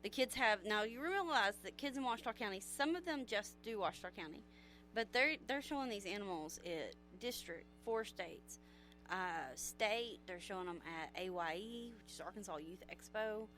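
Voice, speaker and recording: Bright-voiced woman radio guest. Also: mid-range voice, animated, moderate pace, faint music behind. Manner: chatty, explains practical tips. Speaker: agriculture extension guest. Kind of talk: radio talk interview.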